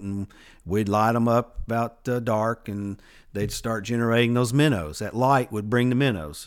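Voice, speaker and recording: A man, hosting a podcast and retelling a Bible story in a folksy, rambling way. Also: medium pitch. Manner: folksy, rambling storyteller who laughs at his own tangents. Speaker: podcast host.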